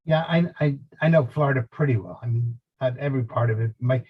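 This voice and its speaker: A man's voice: medium pitch, fast, breathy edge, narrow, tinny audio. An older man from New Jersey making friendly, chatty small talk on a video call, with a few restarts. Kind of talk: casual chat.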